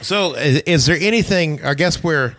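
Joking male host, lively pitch. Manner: joking asides and quick quips. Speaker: podcast host. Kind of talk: casual interview chat.

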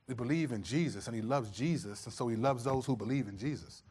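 A middle-aged pastor preaches a sermon in a husky, mid-range voice, talking fast with hardly any pauses. He tells animated stories, acting out his own scolding voice as a dad.

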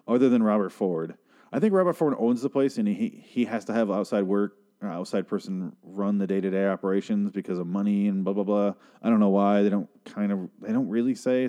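A man's voice: lowish voice, a little fast, warm tone. A man recapping a TV episode in a casual, rambling, profane, sarcastic way. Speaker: podcast host recapping a TV episode.

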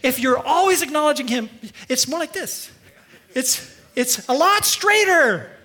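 Male pastor, very high voice, bright and forceful tone, earnest sermon delivery. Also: expressive, unhurried. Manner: earnest, emphatic, leads the congregation in call-and-response.

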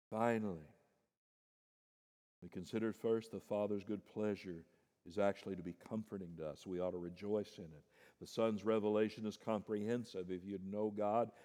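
A middle-aged man preaching a sermon as pastor, dropping low and quiet, then rising sharply in pitch and volume for emphasis. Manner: swings from soft and low to loud, high-pitched emphasis. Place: church sanctuary. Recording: long hall reverb.

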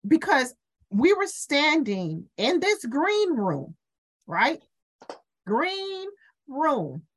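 A woman's voice: high voice, drawn-out words. A woman co-hosting a casual faith talk, telling stories animatedly and acting out the voices of the people in them. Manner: animated storyteller, acts out voices. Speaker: podcast co-host.

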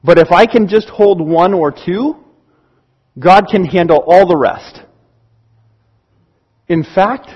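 A man, a church elder, preaching a sermon in an earnest, pastoral way with slow, emphatic pauses. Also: high-pitched, darkish tone, slightly rough, poor audio.

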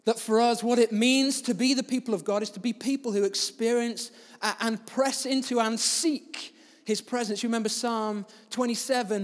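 A man preaching as a pastor, telling a story in a sermon with big swings between loud and soft. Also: very high-pitched, fairly even intonation, moderate pace, big-room sound.

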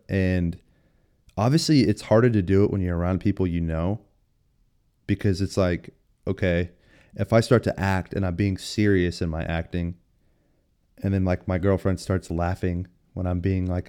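Casual solo podcast host, young man, deep warm smooth voice, loose and rambling. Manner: rambling, self-deprecating, lots of fillers.

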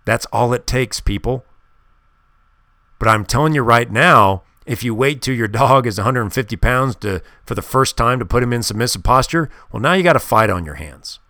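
A man's voice: mid-range voice, expressive, normal speed, sharp tone, no echo, clean studio sound. A man hosting a podcast, talking in an emphatic and insistent way as he gives advice on dog training. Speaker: podcast host. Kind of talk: casual monologue.

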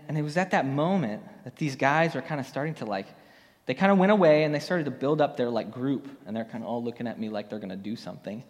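A male pastor delivering a sermon in an easygoing, storytelling manner, with frequent ums and restarts. His voice sits in a middle register for a man. The sound carries a long hall reverb. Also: medium pitch. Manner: conversational storytelling with many fillers.

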